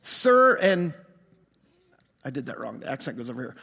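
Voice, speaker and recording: A man preaching a sermon as pastor, animated, often restarting words and asking his congregation questions. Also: mid-range voice, moderate pace, gravelly, husky, in a large hall.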